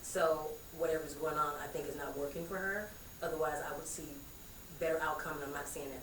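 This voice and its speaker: Low-voiced woman parent asking questions. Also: steady tone, brisk, fairly bright tone. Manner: concerned, questioning. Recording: echoey room, far from the mic, faint hiss.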